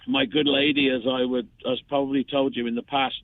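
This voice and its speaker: A man's voice: medium pitch, animated, a little fast, gravelly, dry recording. Chatty man in his fifties on a phone line. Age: 50s. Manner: rambling, chatty, many restarts and fillers. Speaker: caller. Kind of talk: phone-in chat. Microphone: telephone.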